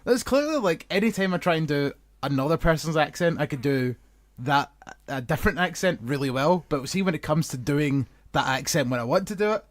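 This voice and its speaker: Man, podcast co-host, sweary, jokey, higher voice, dry close mic. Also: expressive, fairly quick, no room sound. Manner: sweary, jokey, slips into silly put-on voices. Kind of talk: casual chat.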